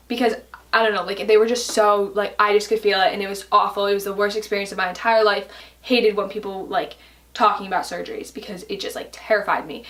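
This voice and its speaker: A young woman vlogger tells a personal story to camera, chatty and full of fillers, saying "like" again and again. Her voice is medium-pitched with a fairly bright tone, picked up on a distant mic.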